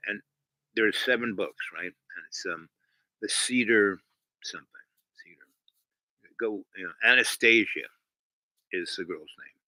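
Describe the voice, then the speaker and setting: A man's voice: on the low side, pushed and bright, no room sound, rough recording. A man hosting his own channel, telling a rambling casual story with many fillers and restarts. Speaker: channel host.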